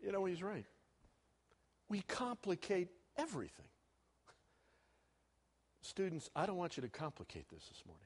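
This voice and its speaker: Animated man preaching a sermon. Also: sits high, moderate pace, pauses often, breathy edge. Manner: animated, acts out quoted speakers with big swings in volume.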